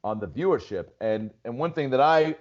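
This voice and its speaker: A man's voice: medium pitch, expressive, moderate pace, a little mellow, muffled recording. A man from Seattle, a stand-up comedian, chatting loosely as a podcast guest, full of "dude" and "like". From Seattle, USA. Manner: loose storytelling, lots of "dude" and "like". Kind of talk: casual podcast chat.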